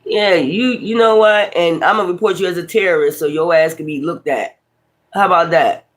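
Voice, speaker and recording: A man's voice: on the high side, normal speed, a bit bright. A man with a Brooklyn accent doing a tarot reading, ranting profanely and combatively at his critics. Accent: Brooklyn, New York. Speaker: tarot reader. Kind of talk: casual tarot livestream rant.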